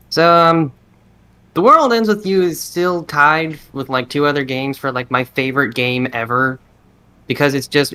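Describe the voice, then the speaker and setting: A man's voice: mid-range voice, bright, forceful tone, clear, resonant tone. A man on a podcast chatting casually, rambling and restarting his sentences as he gathers his thoughts. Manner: rambling, self-interrupting; restarts sentences, many fillers. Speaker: podcast co-host. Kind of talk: casual chat.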